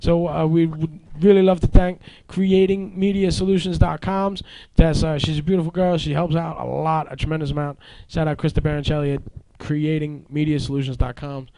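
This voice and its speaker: Gravelly-voiced host. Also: male voice, fairly high pitch, fairly even intonation, brisk, hardly any pauses, warm tone, no echo. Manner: loose, rambling, joking. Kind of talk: casual chat and read sponsor plug.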